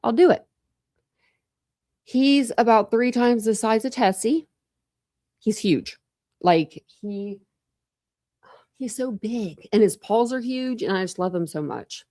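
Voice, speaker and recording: A woman in her forties, a true crime YouTuber, chats on a live stream from a room at home with a couch and a cat. Her voice is a little high and mellow, and she speaks slowly and animatedly with long pauses, rambling and saying "like" constantly. The recording is dry and studio quality.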